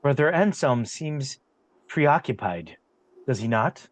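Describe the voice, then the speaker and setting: A man voicing a smug, scheming male noble official in a tabletop game, measured and self-satisfied. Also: medium pitch, sing-song.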